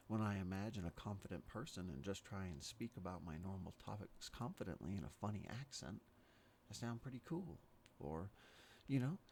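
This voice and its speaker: A man giving a rambling spoken meditation, meandering and pausing, his accent and tone drifting as he talks. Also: low voice, gravelly, a little mellow, a little hiss or hum. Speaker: meditation speaker.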